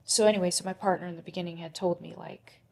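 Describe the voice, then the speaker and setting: A woman's voice: fairly low pitch, fairly even intonation, fast, vocal fry, darkish tone, slight background noise. A young adult woman speaking as a podcast guest, candid and emotional, acting out her own inner thoughts aloud.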